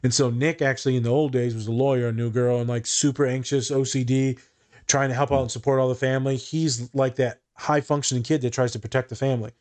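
A man's voice: medium pitch, fast talker. A young man talking casually on a podcast as a therapist, cursing freely and often repeating words as he thinks aloud. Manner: swears freely, quotes others in animated voices, repeats words.

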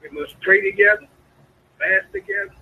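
A man preaching a sermon, a pastor calling out to his congregation with sudden high swoops in his voice. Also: big pitch swings, normal speed, gravelly. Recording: lo-fi radio broadcast sound.

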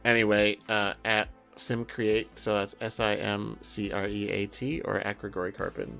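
A man co-hosting a casual podcast, talking in halting bursts with many fillers and easy laughter. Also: fairly low pitch, level tone, creaky, fairly bright tone, faint music behind. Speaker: podcast co-host.

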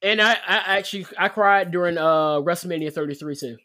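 A man's voice: high voice, fairly quick, pushed and bright. A young man co-hosting a podcast, chatting casually and teasing his friends. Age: young adult. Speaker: podcast co-host. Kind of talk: casual chat.

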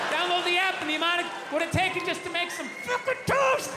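A man in his thirties doing stand-up storytelling, profane and animated, bursting into shouted rants. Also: very high voice, quick pace, few pauses, a loud crowd. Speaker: stand-up comedian. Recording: echoey hall with faint noise.

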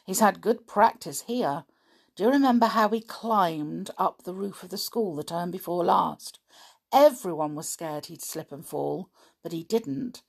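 A woman voicing a chatty, cheerful schoolboy in a storybook, talking briskly. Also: on the low side, creaky, slightly rough, exaggerated voice.

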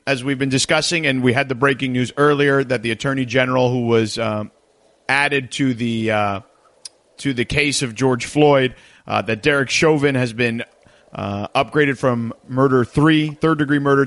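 A man in his thirties hosting a sports call-in radio show, his delivery animated and peppered with "uh" fillers. He reads promos and phone numbers at a brisk clip, then slows into loose, conversational storytelling. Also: mid-range voice.

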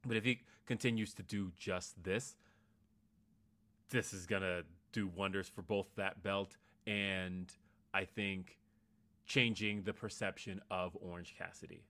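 Bright-voiced man chatting casually. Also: fairly low pitch. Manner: rambling, enthusiastic, frequent fillers. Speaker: co-host. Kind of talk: casual wrestling podcast chat.

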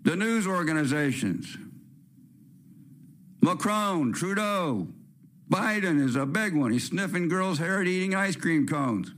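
A man's voice: high voice, expressive, a little slow, long pauses, a bit bright. A man from California hosting a talk-radio show, delivering a blunt, rambling, opinionated rant. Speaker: host. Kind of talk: ranting talk-radio monologue.

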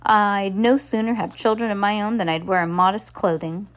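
A woman's voice: mid-range voice, fairly even intonation, moderate pace, close to an everyday voice. A woman voicing a vain, scheming, fashionable female villain who talks haughtily in a storybook reading. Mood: haughty. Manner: haughty, purring, snappish.

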